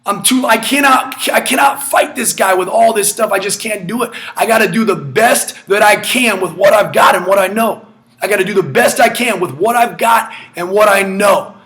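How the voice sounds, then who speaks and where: A man's voice: high voice, moderate pace. A man voicing a bold young shepherd hero. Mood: determined. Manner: emphatic, sometimes shouting.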